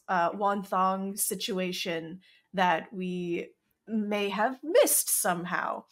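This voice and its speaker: Slow, hesitant woman explaining. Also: on the high side, fairly bright tone. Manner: hesitant, many ums and uhs, explains research. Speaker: podcast co-host. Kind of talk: casual recap chat.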